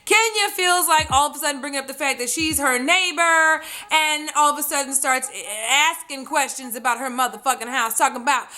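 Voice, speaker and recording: In a sassy, profane recap vlog of a reality show, a woman mimics people's quotes with lots of animation. Her voice sits high and she speaks a little fast, with hardly any pauses.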